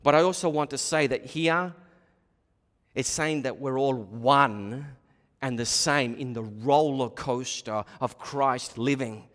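A man's voice: medium pitch, slow. Middle-aged guy preaching, chatty then punchy, long echo off the church walls. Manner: conversational preaching, swinging from quiet to emphatic. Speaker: pastor. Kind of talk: sermon. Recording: long hall reverb.

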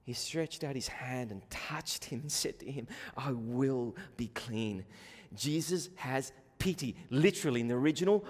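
A man preaching a sermon, moving between hushed, quiet reflection and fervent, rising exhortation. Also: mid-range voice, moderate pace, slightly rough, long reverb tail.

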